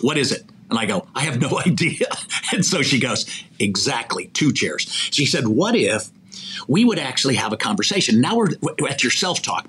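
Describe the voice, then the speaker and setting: A man's voice: mid-range voice, a bit bright, slight background noise. An older man who is a podcast interview guest, telling stories animatedly, acting out quoted dialogue and chuckling mid-sentence. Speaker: interview guest, executive recruiter. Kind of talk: storytelling in a podcast conversation.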